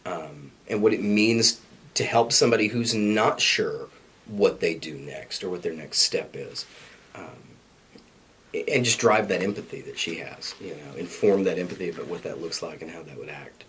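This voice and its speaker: A middle-aged man with a husky, sick-sounding voice, answering interview questions in an office, earnest and reflective with self-deprecating humor. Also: low voice, moderate pace, fairly bright tone. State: sick, hoarse. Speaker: university staff interviewee. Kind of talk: recorded interview.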